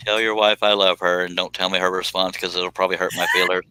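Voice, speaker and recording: A man's voice: low-pitched, little pitch movement, fast talker, noisy background. A man hosting a casual live stream chat, joking and rambling. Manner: joking, rambling, puts on silly voices.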